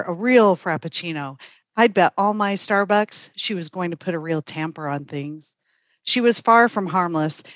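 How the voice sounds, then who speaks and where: A woman's voice: on the low side, no echo. Poet woman reciting in lo-fi audio. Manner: hesitant with many fillers, then smooth deadpan recital. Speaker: poet, festival guest. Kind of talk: casual radio chat and poetry reading.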